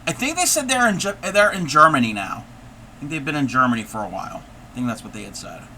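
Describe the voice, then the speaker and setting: Bright, lively man chatting while crafting. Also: mid-range voice, fast talker, a little hiss or hum. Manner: thinks aloud and chats with viewers while working. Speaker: live-stream host. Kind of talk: casual live-stream chat while crafting.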